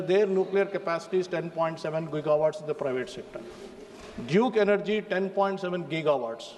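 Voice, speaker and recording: A man with an Indian English accent gives a formal, emphatic speech in parliament and keeps addressing the chair. His voice sits high, and it carries a long reverb from the large chamber. A faint murmur hangs behind him. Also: a little mellow, slight background noise. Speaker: member of parliament.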